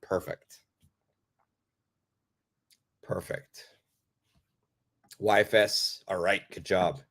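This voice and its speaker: Slow, patient male English teacher. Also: deep voice, fairly even intonation, creaky, a bit bright. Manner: patient, encouraging, reads out viewers' answers and praises them. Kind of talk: live online English lesson.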